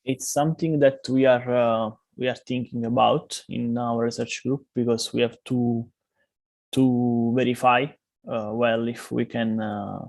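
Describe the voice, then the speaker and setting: Man, session chair, gravelly voice, halting speech, dry close mic. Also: mid-range voice, level tone, a little mellow, no room sound. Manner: halting, many fillers and restarts. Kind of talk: hesitant unscripted discussion.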